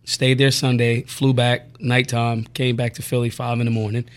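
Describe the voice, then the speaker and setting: A man with a Philadelphia accent, a guest talking casually about teaching gun safety classes, relaxed and rambling with fillers. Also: mid-range voice, moderate pace, clean tone. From North Philadelphia. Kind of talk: casual interview chat.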